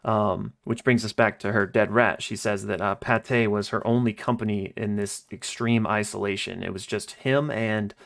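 A man co-hosting a podcast, recapping a story episode in a loose, casual way with many pauses and quoted lines. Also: on the low side, steady tone, vocal fry, fairly bright tone.

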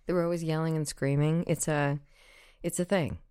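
A woman's voice: low-pitched, fairly even intonation, a little fast, a little mellow, clear, resonant tone. A woman co-hosting a podcast in casual chat, rambling and laughing often, with plenty of "like"s. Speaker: podcast co-host.

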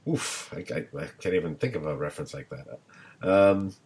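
A man's voice: sits low, normal speed. A man hosting a podcast in casual chat, joking and steering the talk to grades. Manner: lively, joking, leads the talk. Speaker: podcast host.

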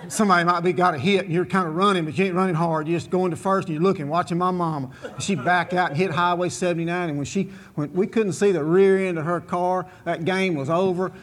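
A man telling a comic story to a live audience in a folksy, animated way, full of asides. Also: sits high, quick pace, hardly any pauses.

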